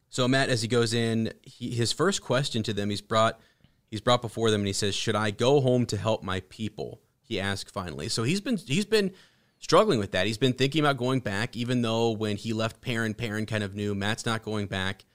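A man hosting a casual book podcast, chatting in a rambling, halting way with many restarts. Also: on the low side, fairly bright tone, clean tone. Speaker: podcast host. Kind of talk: casual book discussion with read-aloud passages.

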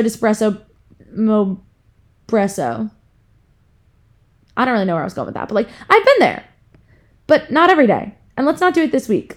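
A young woman talks straight to her listeners in a casual monologue. She is frank and swears freely, but her tone stays earnest and encouraging, like a heartfelt pep talk. Her voice sits at an ordinary middle pitch. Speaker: podcast host, influencer.

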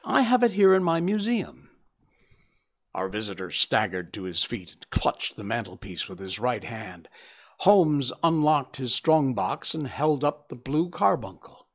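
A man reading a classic detective story aloud in a measured, expressive narrating style. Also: medium pitch. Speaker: audiobook narrator.

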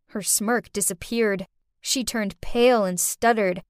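A young woman narrating a first-person animated story in a dramatic, exclaiming manner. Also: mid-range voice, a little slow, smooth, dry recording, clean studio sound. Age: young adult.

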